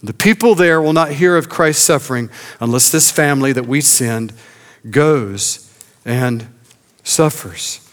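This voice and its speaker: A man preaching a sermon as pastor, earnest, slowing and dropping his voice low for emphasis. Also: animated.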